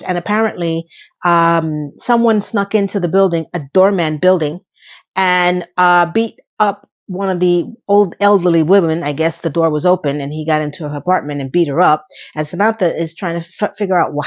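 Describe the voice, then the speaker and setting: A woman's voice: lowish voice, lo-fi sound. Chatty, sarcastic woman recapping a show. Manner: chatty and sarcastic, acts out characters' lines. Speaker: commentator recapping a TV episode. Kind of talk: casual recap commentary.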